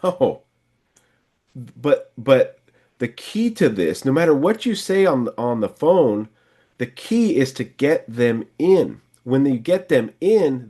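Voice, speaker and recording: A sales trainer and podcast host coaches a salesman one on one, casually acting out lines a salesman and a customer might say. His voice is mid-range and warm.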